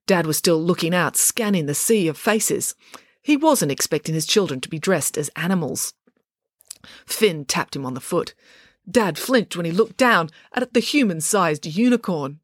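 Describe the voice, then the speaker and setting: A woman narrating a children's story with an expressive, storyteller's delivery. Her pitch moves a lot through each sentence. The recording is dry and close, with no room sound. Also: normal speed, no room sound.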